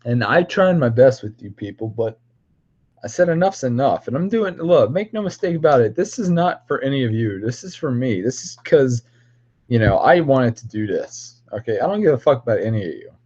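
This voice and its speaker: A man's voice: medium pitch, big pitch swings, normal speed, a little mellow, slightly rough, lo-fi sound. Profane rambling man ranting on stream.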